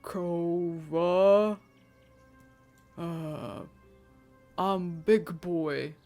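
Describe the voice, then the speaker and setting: A big, scared hill giant with the mind of a small child, sniffling through short, broken phrases, as a woman puts him on. His words come slowly and simply. A bit of music plays behind him. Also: lowish voice, fairly even intonation, darkish tone, voice pushed down. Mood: tearful, simple. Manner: broken simple speech, slow.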